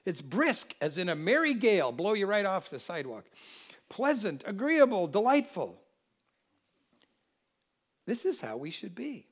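A man from the United States preaching a Christmas sermon, animated, swinging between loud exclamations and quiet asides. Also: high-pitched, a little slow, long pauses.

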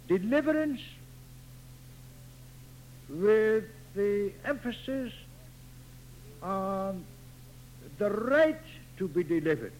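A male pastor with a high-pitched voice delivers a sermon at a very slow, measured pace. He leans on repetition and pauses between short phrases. A faint hum sits under the recording. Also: low-quality recording. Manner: slow, deliberate preaching with emphatic repetition.

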